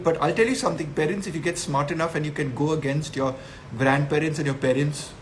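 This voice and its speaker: An animated, scolding man from India talks in Indian English and peppers it with Hindi slang. His voice sits a little high for a man. A faint low rumble of noise runs under the recording. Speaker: nutritionist answering viewer questions. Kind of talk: live Q&A talk.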